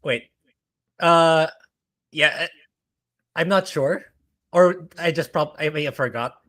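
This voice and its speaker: Man, podcast co-host, short casual interjections, slightly high voice. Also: takes it slowly, a bit bright. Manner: brief reactive interjections. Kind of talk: casual chat.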